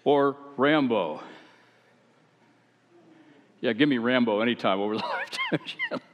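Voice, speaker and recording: A man's voice: mid-range voice, wildly swooping pitch, slow pace. A man preaching a conversational sermon, chatty and rhetorical, with wry asides and self-deprecating stories. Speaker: pastor. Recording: echoey hall, dull lo-fi sound.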